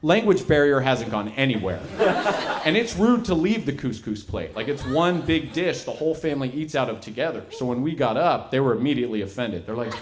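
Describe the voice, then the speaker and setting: A man performing a stand-up set, telling stories with animated delivery on a comedy stage. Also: mid-range voice, fairly quick, background noise. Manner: animated storytelling.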